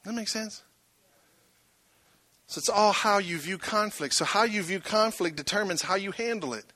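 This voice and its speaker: A male pastor delivers a dramatic sermon in a high-sitting voice at normal speed, with no room sound. He swings between loud bursts and hushed tones and puts rhetorical questions to the crowd.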